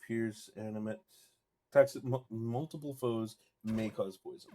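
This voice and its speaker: A man's voice: fairly low pitch, steady tone, measured pace, dark tone. Laid-back man streaming a game. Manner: casual, chatty, thinks aloud and reads chat. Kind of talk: live gameplay commentary.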